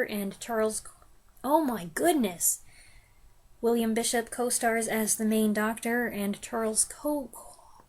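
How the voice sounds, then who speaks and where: Slow, high-voiced woman film reviewer. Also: darkish tone. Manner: stumbles over lines, restarts, laughs at herself. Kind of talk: blooper reel of review takes.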